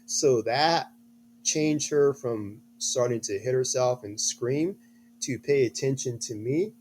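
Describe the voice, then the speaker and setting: A middle-aged man with a slightly hoarse voice, a guest telling a story earnestly in an interview, restarting his phrases as he goes. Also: mid-range voice, takes it slowly, darkish tone, slight background noise. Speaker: guest, a father.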